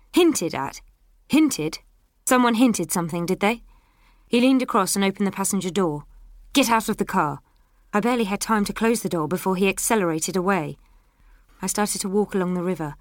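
A woman narrating an audiobook in the first person in a brisk, matter-of-fact way. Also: mid-range voice, no room sound, clean studio sound.

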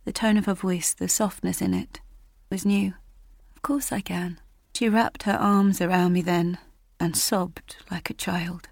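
A woman narrating an audiobook in the first person, measured, dropping to a hush in tense passages. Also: on the low side, fairly even intonation, no echo, studio quality.

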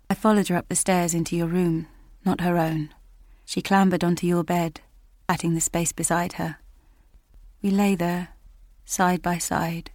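A woman narrating an audiobook in the first person, measured, dropping to a hush in tense passages. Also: fairly low pitch, level tone, dry recording, studio quality.

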